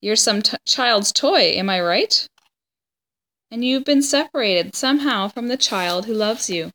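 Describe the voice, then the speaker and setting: A woman voicing an enormous bearded homeless man, gentle and courtly, in a storybook read-aloud, with formal, drawn-out speech. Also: fairly high pitch, lively intonation, heavily acted. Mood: genial.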